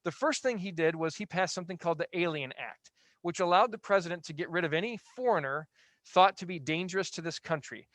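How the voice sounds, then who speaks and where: A man's voice: sits high, brisk, fairly bright tone, no echo. A man teaching a history lesson to his students in a conversational, explaining way. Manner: conversational, explains with everyday examples. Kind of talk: classroom history lecture.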